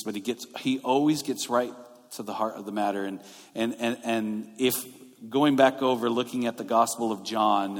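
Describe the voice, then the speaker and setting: Male pastor, conversational sermon delivery, mid-range voice, large echoing church sanctuary. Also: mid-range voice. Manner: conversational, explaining scripture verse by verse. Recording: long reverb of a large hall.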